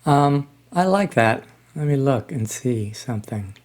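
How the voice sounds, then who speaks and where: An older man in his sixties talks slowly and haltingly, pausing on ums and starting over as he reacts to music. His voice sits at an ordinary middle pitch for a man. He sounds relaxed and conversational, as if chatting to his viewers. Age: 60s. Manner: halting and unhurried, frequent ums and restarts. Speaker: reaction channel host. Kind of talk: casual music reaction commentary.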